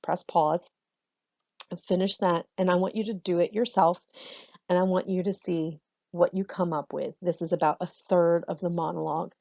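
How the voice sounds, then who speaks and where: A woman's voice: fairly low pitch, gravelly, warm tone, no room sound, dull audio. A woman drama teacher giving a recorded online lesson, chatty and self-correcting, laughing often.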